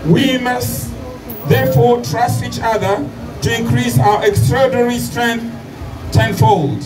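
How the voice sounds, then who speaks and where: A man's voice: very high-pitched, steady tone, measured pace, music in the background. A man from Comoros delivering a political speech at an outdoor protest, denouncing injustice and often restarting his phrases. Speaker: protest speaker. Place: outdoor city square at a street protest. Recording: distant mic, loud outdoor street noise with traffic.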